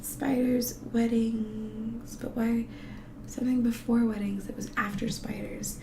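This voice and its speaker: The clip has a roomy echo and faint background noise as a woman rambles casually to her viewers in a vlog. Unhurried and level in tone, her fairly high voice drifts from topic to topic, with swearing and giggles along the way.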